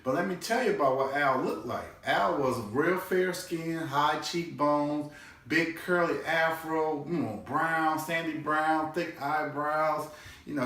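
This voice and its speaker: A man telling a comic family story, animated and loose, now and then shouting quoted lines in a high voice. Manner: animated, shouts his dad's cussing in a high voice. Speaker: comedian. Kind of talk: storytelling stand-up. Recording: echoey room, distant mic.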